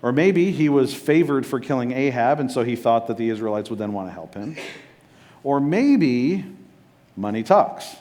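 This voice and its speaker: A man's voice: mid-range voice, expressive, moderate pace, warm tone, slight background noise. A man preaching a sermon as pastor, casual and joking, often checking in with his listeners.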